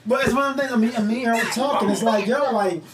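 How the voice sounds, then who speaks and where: A man's voice: very high voice, quick pace, over a noisy crowd. A young man co-hosting a podcast, telling stories in casual, profane banter and putting on voices for the people he quotes. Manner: animated, profane storytelling with put-on quotes. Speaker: podcast co-host.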